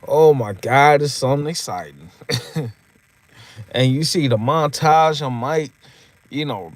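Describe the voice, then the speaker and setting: A man's voice: medium pitch, measured pace, no room sound. A man in his thirties telling old stories in a casual monologue, laughing often and swearing freely. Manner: animated, laughs often, swears freely, repeats "you know what I mean". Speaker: vlogger.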